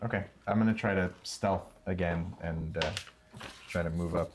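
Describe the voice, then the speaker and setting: A man playing a tabletop game, relaxed and joking as he talks through his moves. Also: deep voice, normal speed. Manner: relaxed, joking player talk. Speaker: player.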